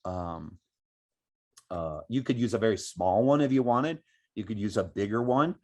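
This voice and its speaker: A middle-aged man teaching meditation outdoors, explaining slowly and reflectively with many pauses and restarts. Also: lowish voice, lively intonation, a little mellow. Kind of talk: spoken meditation instruction. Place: outdoors by woods.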